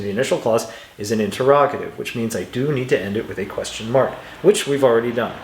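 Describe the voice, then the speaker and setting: Patiently explaining English punctuation, a man reads example sentences aloud with exaggerated intonation in his medium-pitched voice, and the sound is roomy. Now and then he clears his throat, which is dry.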